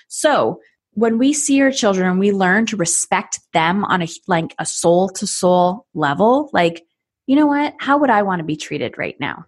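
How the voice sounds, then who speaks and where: A parenting coach in her thirties chats on a podcast, her medium-pitched voice carrying a breathy edge at a measured pace. She's animated, acting out little scenes in different voices.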